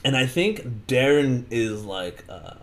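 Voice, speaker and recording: Animated young man recapping casually. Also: medium pitch, slow. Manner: rambling, jokey, self-correcting. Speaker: podcast co-host. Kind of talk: casual book recap chat.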